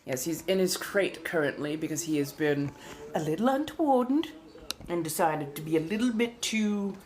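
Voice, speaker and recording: A woman's voice: lowish voice, expressive, darkish tone, lightly acted. A woman voicing a centuries-old refined female vampire in a colonial American accent, chatting with viewers on a livestream and calling them darling. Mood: chatty. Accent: 1700s colonial American. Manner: genteel, unhurried, fond of endearments. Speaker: streamer. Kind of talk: in-character livestream chat.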